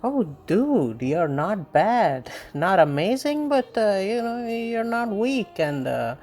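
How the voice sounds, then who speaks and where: A blunt, battle-hungry army chief who hands out offhand slangy praise, as a man quoting him puts him on. The delivery is unhurried and lazy. The voice stays near an everyday male tone. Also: high-pitched, big pitch swings, darkish tone, soft background music, voice pushed up, exaggerated voice. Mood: condescending.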